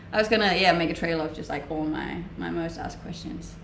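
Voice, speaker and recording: A woman's voice: on the low side, moderate pace, creaky, a bit bright, a little hiss or hum. A young woman from Denmark with a Danish accent, chatting casually on a live stream and answering viewers' questions, laughing often. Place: room at home, streaming. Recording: roomy home-mic sound.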